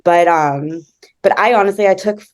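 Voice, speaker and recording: A woman's voice: lowish voice, normal speed, clear, resonant tone. A young woman chatting on a video call, grateful and giggly, with lots of fillers. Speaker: member sharing good news. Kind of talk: casual chat on a call.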